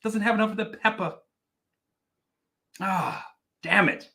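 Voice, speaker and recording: A Wisconsin man from the Milwaukee area hosts a relaxed whiskey livestream, reading viewer comments and chatting animatedly with casual swearing and a self-deprecating streak. His voice sits high with vocal fry and a bright, forceful tone, at a measured pace.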